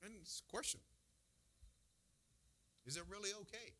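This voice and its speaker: A male pastor preaches in a church, talking to the congregation in a conversational way and asking many rhetorical questions. His voice sits a little high and sounds bright and forceful. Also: animated, normal speed. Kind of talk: sermon.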